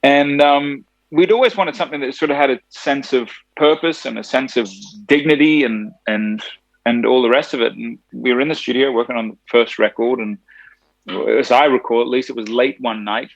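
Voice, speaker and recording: An Australian man whose accent has drifted toward Tennessee, telling stories in a chatty, animated way as a musician guest and laughing easily. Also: medium pitch, normal speed, no room sound, highs cut off. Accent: Australian with some Tennessee. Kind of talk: casual phone interview.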